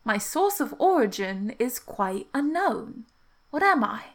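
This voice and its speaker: A woman voicing a scheming male riddle-master in a put-on British accent, reciting riddles slowly and deliberately. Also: on the high side, big pitch swings, exaggerated voice. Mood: measured, theatrical. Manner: slow, measured riddle recital.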